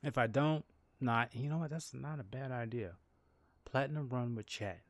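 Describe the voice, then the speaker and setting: A man's voice: medium pitch, moderate pace, dry recording. Rambling man. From New Orleans, Louisiana. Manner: rambling, repeats and restarts words; animated storytelling with laughs. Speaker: game streamer. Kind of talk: casual livestream chat.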